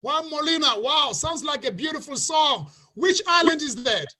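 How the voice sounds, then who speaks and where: A man with an extremely high, very bright and forceful voice runs an online webinar. He talks excitedly and often breaks into shouts. The sound comes through a video call mic. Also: normal speed. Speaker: webinar host. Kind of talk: hyped online sales webinar.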